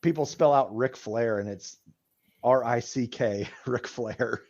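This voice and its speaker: A man's voice: medium pitch, measured pace, a little mellow, dull audio. A man co-hosting a casual wrestling podcast, laughing and sharing trivia. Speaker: podcast co-host. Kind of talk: casual chat.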